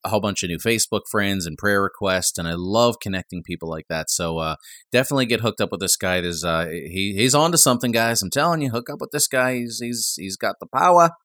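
A man's voice: fairly low pitch, fast talker, sharp tone, no room sound, studio quality. A man hosting a Christian talk show, chatty and enthusiastic with his guest. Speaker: podcast host.

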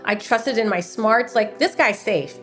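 A woman's voice: fairly high pitch, a little slow, soft background music. Earnest woman sharing a faith testimony. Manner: earnest, emotional storytelling. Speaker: podcast guest. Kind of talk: personal testimony in a podcast interview.

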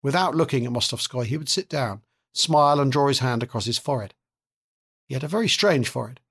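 A man reads a novel aloud in a measured, steady way. His voice has a husky edge. He stays at an average pitch for a man. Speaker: narrator reading a novel. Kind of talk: audiobook narration.

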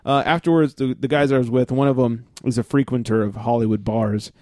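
A man's voice: mid-range voice, fairly even intonation, brisk, a little mellow, no echo, clean studio sound. A man hosting a casual podcast chat, telling stories with wry, self-mocking jokes. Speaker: podcast host.

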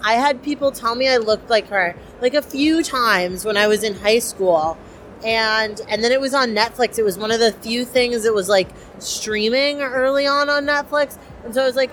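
A woman's voice: on the high side, normal speed, a bit bright, slight background noise. A young woman cosplayer, chatty and enthusiastic with many fillers, interviewed at a convention. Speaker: cosplayer guest.

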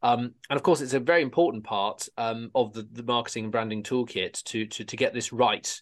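A man co-hosting a podcast in casual chat, often halting and repeating words as he goes. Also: medium pitch, fairly bright tone. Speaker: podcast co-host.

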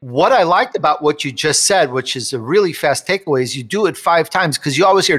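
A man's voice: fairly high pitch, expressive, brisk, fairly bright tone, breathy edge, big-room sound. A man hosting an interview show, talking with enthusiasm and emphatic bursts. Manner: enthusiastic, emphatic, laughs between points. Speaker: show host. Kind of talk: interview chat.

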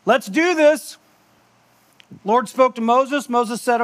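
A man's voice: extremely high pitch, expressive, a little slow, fairly bright tone. A male pastor giving a conversational sermon, joking with asides to the congregation.

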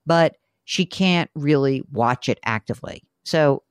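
A woman's voice: low-pitched, unhurried, clean tone, no echo, studio quality. A middle-aged woman hosting a call-in money show, chatty and joking as she questions a caller. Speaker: host.

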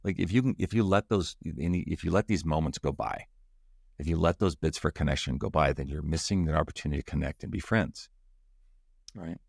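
A man's voice: rumbling low, fairly quick, vocal fry, darkish tone, slightly rough, dry recording, studio quality. A man guest on a relationship podcast, animatedly acting out little everyday scenes to illustrate his points. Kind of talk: conversational storytelling.

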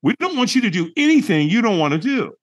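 A man voicing a calm, friendly male stranger who speaks in a reassuring, easygoing way. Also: sits high, fast talker, pitched above the performer's own voice.

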